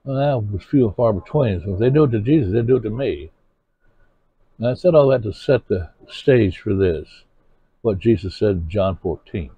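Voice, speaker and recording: A man's voice: on the low side, expressive, moderate pace, husky, no echo. A man preaching a sermon to his congregation, earnest and asking them pointed questions. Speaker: pastor. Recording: tinny phone-like sermon recording.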